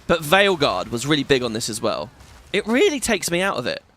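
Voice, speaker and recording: A man's voice: on the high side, wildly swooping pitch, a little fast, a bit bright. British dude chatting over his game, rambly and sweary, bouncy voice with a faint background hiss. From Britain. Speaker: gaming YouTuber. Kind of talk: casual gameplay commentary.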